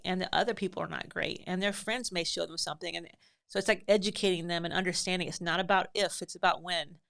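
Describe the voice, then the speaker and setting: A woman's voice: fairly low pitch, fairly bright tone. A middle-aged woman hosting a podcast, giving earnest, emphatic parenting advice in a casual way, with many fillers and restarts. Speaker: podcast host and parenting advisor.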